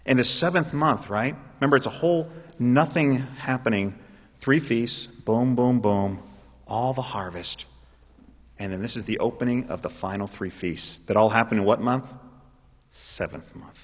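A man preaching a sermon, shifting between explaining and loud, impassioned pleas. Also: medium pitch, moderate pace. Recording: dull audio in a reverberant hall.

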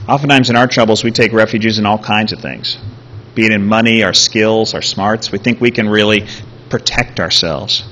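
A man preaching a sermon, retelling a scripture story with animated, acted-out quotes. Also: fairly low pitch, moderate pace. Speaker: pastor.

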